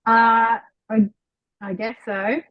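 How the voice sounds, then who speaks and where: An Australian woman from Australia, a podcast guest chatting casually over a remote call, easygoing and quick to laugh. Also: fairly high pitch, level tone, no echo. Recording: dull, dry remote call audio.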